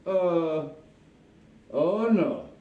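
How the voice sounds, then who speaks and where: A man's voice: on the high side, drawn-out words, distant mic, phone-quality sound. A man delivering a rambling, exaggerated comic monologue in a drawling manner. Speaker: comic storyteller. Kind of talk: comedic monologue. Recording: roomy sound from off mic.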